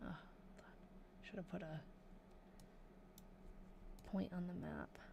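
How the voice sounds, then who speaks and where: Slow, gravelly woman thinking aloud. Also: fairly low pitch, fairly even intonation, background noise. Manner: thinking aloud quietly while searching a map. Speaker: livestream host researching an old diary. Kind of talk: casual live research stream.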